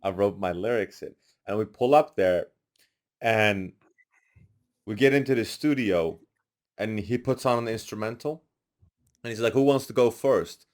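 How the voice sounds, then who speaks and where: A man's voice: fairly low pitch, measured pace, long pauses. A young man on a podcast, telling stories casually and acting out what others said. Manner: animated storyteller, acts out quotes loudly. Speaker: podcast guest.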